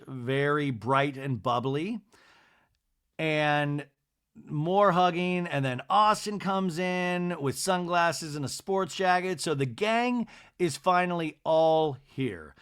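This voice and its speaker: A male podcast host recapping reality TV in a loose, profane way, slipping quick voices into his retelling. His voice sits a little high and swings widely as he goes. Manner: animated, profane, acts out the cast's lines in quick voices.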